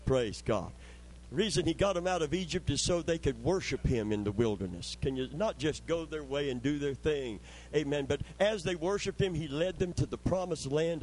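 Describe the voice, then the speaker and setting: A man's voice: a little high, a little mellow, slight background noise, low-quality recording. A man preaching a sermon with fervent, call-and-response delivery, often calling for amens.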